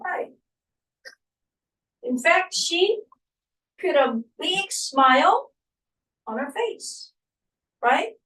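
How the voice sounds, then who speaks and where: High-voiced woman teacher, roomy and distant. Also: very animated, extremely slow, pauses often, a bit bright. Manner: prompting, asks many checking questions. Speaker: English reading teacher. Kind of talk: reading lesson with comprehension questions. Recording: roomy sound, distant from the mic.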